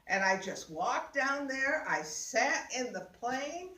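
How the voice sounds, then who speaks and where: Older woman, higher voice, animated storyteller, echoey room, mic set back. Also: slow pace. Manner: laughing, exclaiming, acts out voices. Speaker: guest sharing a personal story. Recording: roomy sound, mic at a distance.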